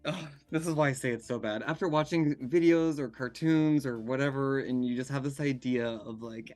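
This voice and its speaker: A man's voice: mid-range voice, no echo. Chatty man telling stories. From California, USA. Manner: animated, laughs often while telling stories. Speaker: guest. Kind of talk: casual storytelling. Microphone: remote call.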